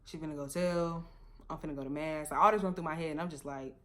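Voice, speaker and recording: Young woman vlogger doing a storytime, kinda low voice, animated, laughs a lot, cusses freely. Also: quick pace, soft background music. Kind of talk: casual storytime.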